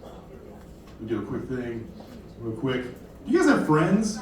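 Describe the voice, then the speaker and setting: A man's voice: medium pitch, big pitch swings, slow pace, long pauses, a crowd in the background. Rambling young man doing stand-up. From Kentucky. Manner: rambling, self-deprecating, apologetic asides. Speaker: stand-up comedian. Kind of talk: stand-up comedy set. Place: comedy club stage. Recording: very echoey room from far off.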